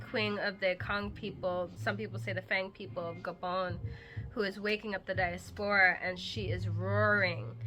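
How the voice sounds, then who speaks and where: Woman from Massachusetts, middle-aged, very bright sharp tone, earnest casual teaching talk, chatty with fillers. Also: medium pitch. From Massachusetts, United States. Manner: earnest, conversational, loose with fillers. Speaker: host.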